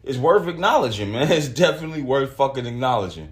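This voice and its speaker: A man hosting a solo podcast, talking casually with lots of swearing and reading articles aloud in an animated way. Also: medium pitch, fast talker. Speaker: podcast host.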